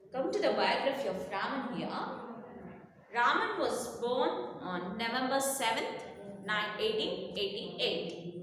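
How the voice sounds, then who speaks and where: A high-pitched woman teacher with an Indian English accent reads a lesson aloud to her class. She reads slowly and clearly, stopping to tell pupils which words to underline. Her voice rings around a very echoey room with a long reverb and a faint hiss behind it. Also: pushed and bright.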